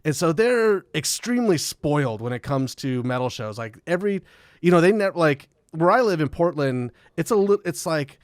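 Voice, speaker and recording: A man's voice: fairly high pitch, animated, moderate pace, no room sound, studio quality. Profane, rambling man telling tour stories. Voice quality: profane rambling storyteller, laughs often. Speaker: podcast guest, metal musician. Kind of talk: casual podcast chat.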